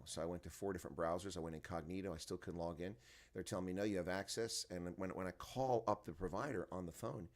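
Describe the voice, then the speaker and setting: Here a groggy, tired man with a low voice hosts an early-morning rugby stream from his home. He rambles on to the chat through a desk mic set to a high volume.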